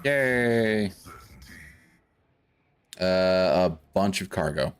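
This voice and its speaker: A man's voice: low voice, expressive, drawn-out words, clean tone. A young man casually talking through game stats while playing with friends. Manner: laid-back, muses aloud over game stats. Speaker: gamer co-player. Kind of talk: casual gaming banter.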